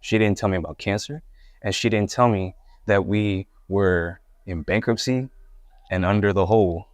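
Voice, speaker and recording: A man's voice: fairly low pitch, normal speed, dry recording. A young man from Puerto Rico, a guest hip-hop artist, tells his life story in a candid, rambling way with many restarts. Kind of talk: casual interview storytelling.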